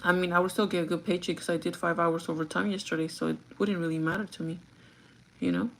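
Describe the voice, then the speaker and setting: A woman's voice: fairly low pitch, fast talker. A woman chatting casually on a get-ready-with-me livestream, venting and swearing freely, slipping between English and Spanish. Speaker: vlogger.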